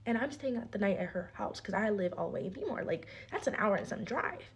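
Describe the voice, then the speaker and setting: A woman's voice: medium pitch, a little fast, breathy edge. A young woman telling a heated storytime rant, acting out what each person said. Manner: animated, acts out each person's lines.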